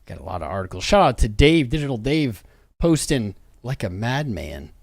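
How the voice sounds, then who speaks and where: A man's voice: medium pitch, big pitch swings, normal speed, vocal fry, no echo, clean studio sound. A young man hosting a crypto livestream in loose, slangy commentary full of hype, sounding tired after being up for hours. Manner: hype-driven, slangy, rambling. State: tired from a long day.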